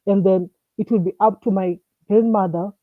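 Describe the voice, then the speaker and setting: A woman's voice: medium pitch, fairly even intonation, normal speed, no echo. A woman from Africa calling in and talking casually, hesitant, with many fillers and restarts. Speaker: caller. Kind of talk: casual call-in talk. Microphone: phone or call line. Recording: tinny phone line, dry.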